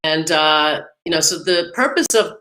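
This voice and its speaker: Her voice sits low and sounds sharp and animated at normal speed, though the recording is low quality. She's a New York/New Jersey podcast host chatting casually on a live music show, laughing a lot and leaning on fillers.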